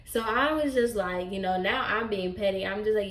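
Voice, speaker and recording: Young woman, casual storytime, sassy and animated, lots of fillers, mid pitch, echoey room. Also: normal speed, few pauses. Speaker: vlogger.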